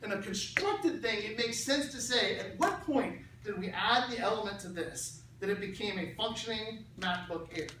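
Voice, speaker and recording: A middle-aged man giving a persuasive lecture in an animated, conversational way, repeating key phrases for emphasis. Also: high-pitched, moderate pace, hardly any pauses, background noise. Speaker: speaker. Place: large hall in a church building. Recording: very echoey hall from far off.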